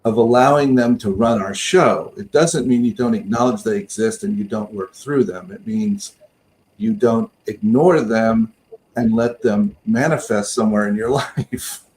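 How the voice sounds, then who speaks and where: A man's voice: fairly low pitch, a little slow, darkish tone. A man co-hosting a spiritual talk show, speaking in a reflective way and searching for his words. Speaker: co-host minister.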